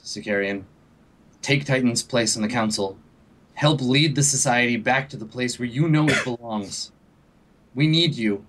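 A man's voice: medium pitch, a bit bright. A man voicing a stern female fleet leader who is urgently pleading for help. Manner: earnest, pleading.

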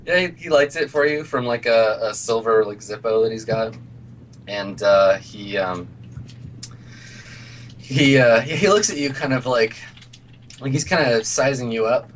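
A man's voice: mid-range voice, unhurried, long pauses, a little hiss or hum. A man running a tabletop role-playing game as game master, describing scenes in a loose, filler-heavy way.

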